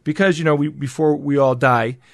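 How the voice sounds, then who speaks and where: A man's voice: a little high, fairly even intonation, a little fast, vocal fry, dry recording, studio quality. A man on a podcast panel, joking and poking fun at himself in casual chat. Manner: joking, self-mocking.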